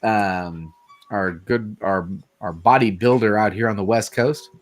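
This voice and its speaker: A man's voice: lowish voice, a little slow, faint music behind. A man in his forties hosting a late-night livestream, chatting casually, laughing often and swearing freely. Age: 40s. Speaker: livestream host.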